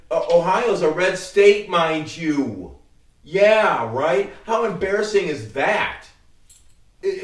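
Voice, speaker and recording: A middle-aged man hosting his own legal commentary, talking casually in a heated, rambling and profane way. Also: a little high. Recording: roomy sound from a distant mic.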